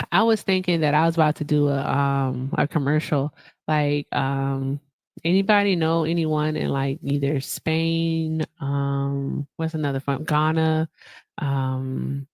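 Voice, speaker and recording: A chatty woman hosting a live stream, speaking in with a slightly low voice. She reads messages from her chat and gives shout-outs. The sound is dry and close. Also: no room sound. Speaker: livestream host.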